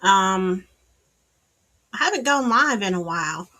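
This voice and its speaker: A woman's voice: mid-range voice, expressive, a little slow, bright, forceful tone. A woman with a Southern US accent hosting a casual livestream, chatting and greeting viewers by name with sassy asides. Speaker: livestream host. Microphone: streaming setup, wired in.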